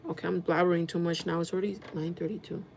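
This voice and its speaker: A woman's voice: fairly low pitch, creaky, slight background noise. Chatty woman telling a story vlog. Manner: chatty, animated and profane, rushing in quick bursts. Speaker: vlogger.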